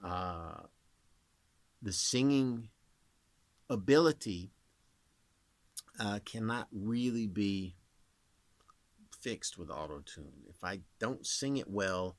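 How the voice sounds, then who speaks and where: A man in his thirties rambles casually to camera, explaining voice tricks as a working voice actor. His pitch swings widely as he talks. The recording is close and dry. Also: animated, slow, long pauses, no echo.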